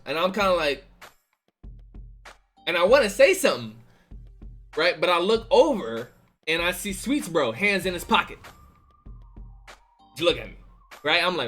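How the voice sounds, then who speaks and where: Brief: animated male streamer, slangy storyteller, pitch jumps all over, "right?" after every line. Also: moderate pace, long pauses, soft background music.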